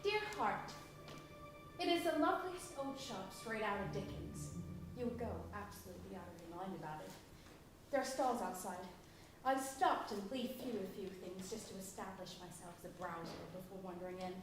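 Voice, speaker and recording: A woman plays a chatty actress abroad, gushing and animated as she reads her letter aloud. Her voice sits a touch high. It carries from a distance through a very echoey theatre with faint noise. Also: lightly acted. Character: lively American actress writing home from England, woman. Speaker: stage actor. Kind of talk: stage play reading a letter aloud. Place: theatre stage.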